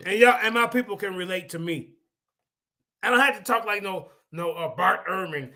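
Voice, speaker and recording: Brash high-voiced man ranting loudly. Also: animated, normal speed, long pauses. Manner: brash, taunting, swings from mutters to shouting. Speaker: debate livestream host. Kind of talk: heated livestream commentary.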